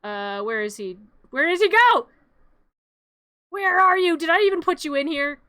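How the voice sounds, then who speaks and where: A woman's voice: very high-pitched, lively intonation, moderate pace, pushed and bright, dry recording. A woman streamer who narrates a home-made parody in a playful, rambling, jokey way. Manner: giggly, rambling, jokey, with many restarts.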